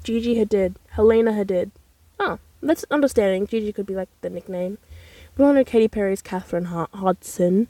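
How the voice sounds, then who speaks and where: A young woman, hosting a casual solo podcast from inside a parked car, rambling and chatty with animated exclamations. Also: medium pitch, brisk, no room sound. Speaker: podcast host.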